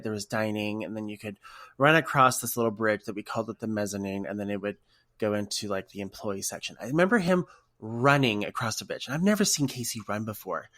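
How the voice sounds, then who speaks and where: A man co-hosting a casual podcast, telling stories in an emotional, animated way. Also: mid-range voice, no echo, clean studio sound. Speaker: podcast co-host.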